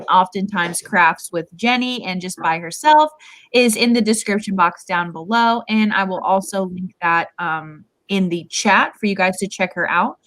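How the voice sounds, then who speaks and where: A woman's voice: mid-range voice, fairly bright tone, dry recording. A woman hosting a livestream over a video call, chatty and upbeat with many fillers. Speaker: host.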